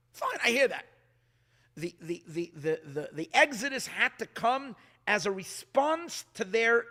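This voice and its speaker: Animated rabbi with a bright high voice. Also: male voice. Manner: animated, restarts often, acts out quoted dialogue. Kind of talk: sermon.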